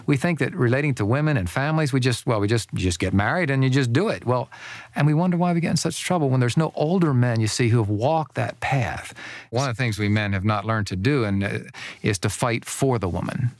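A man's voice: medium pitch, fairly quick, no room sound. An older man telling stories as a Christian speaker on men and marriage, acting out the people he quotes. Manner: animated storyteller who acts out voices. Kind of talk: storytelling guest talk.

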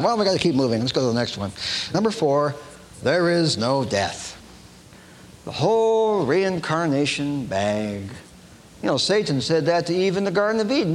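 A man preaching in a lively, high-pitched voice that swoops widely, and he keeps slipping into mocking, humorous asides. His voice rings through a long hall reverb over faint background noise. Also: moderate pace. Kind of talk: sermon. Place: lecture hall stage with podium.

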